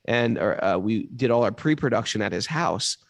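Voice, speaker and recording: Gravelly middle-aged New York storyteller. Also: male voice, lowish voice, normal speed, no echo. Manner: animated, colorful, swears casually, acts out quotes. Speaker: guest storyteller. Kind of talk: casual anecdotal storytelling.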